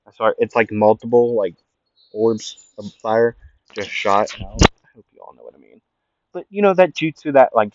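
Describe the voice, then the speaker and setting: A man's voice: fairly low pitch, dry recording, highs cut off. A young man improvising a what-if fan story, rambling and correcting himself as he goes, on a home mic. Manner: rambling, self-correcting, lots of fillers.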